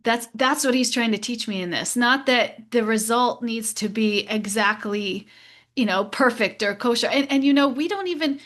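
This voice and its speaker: A woman hosting a podcast, talking in a reflective and gently encouraging way in a casual spiritual discussion. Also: a little high, moderate pace. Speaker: podcast host.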